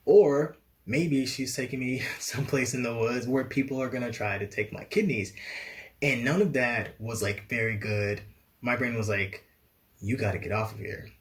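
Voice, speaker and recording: Young man, animated storyteller, mid-range voice, laughs between lines. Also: medium pitch, moderate pace. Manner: animated, laughs often, acts out quoted dialogue. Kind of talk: storytime vlog.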